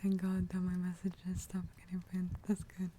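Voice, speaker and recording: A woman whispering softly in an ASMR livestream, greeting viewers and answering chat, often sinking into a relaxed, lower voice. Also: normal speed, a little hiss or hum. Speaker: livestream host.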